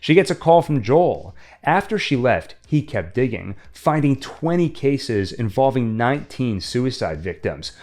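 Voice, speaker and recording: A man's voice: mid-range voice, sing-song, measured pace, hardly any pauses, a little mellow. A man narrating a scripted horror movie recap, dry and wry, dropping sarcastic asides. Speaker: horror film reviewer.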